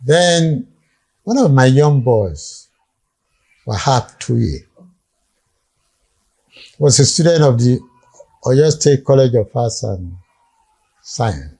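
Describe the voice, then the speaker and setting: An older Nigerian-accented man tells his stories as a guest, with a husky, slightly breathy voice at an ordinary middle pitch. He brings past scenes to life, acting out each speaker as he narrates. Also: sing-song, takes it slowly, long pauses, darkish tone. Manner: vivid storytelling, acts out quoted dialogue. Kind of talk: storytelling reminiscence.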